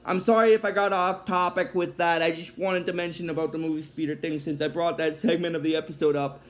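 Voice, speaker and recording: High-voiced man rambling through a recap. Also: flat delivery, fast talker. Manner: rambling, hesitant, many fillers, apologetic. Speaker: episode recap vlogger. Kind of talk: casual episode recap.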